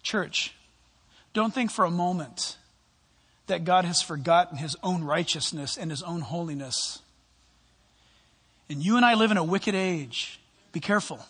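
A male pastor preaching a sermon, telling stories and acting out the voices in them with an animated manner. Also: high-pitched, breathy edge. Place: church sanctuary. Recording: long hall reverb.

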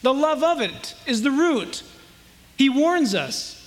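A man preaching a sermon as pastor, with impassioned delivery and emphatic, drawn-out quotations. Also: extremely high pitch, sing-song, long reverb tail.

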